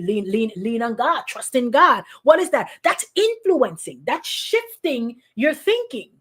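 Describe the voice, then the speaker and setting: A woman's voice: sits high, very animated, measured pace, few pauses, a bit bright. A middle-aged woman pastor preaching informally, calling on listeners by name and acting out quoted voices. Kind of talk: informal sermon to an online congregation.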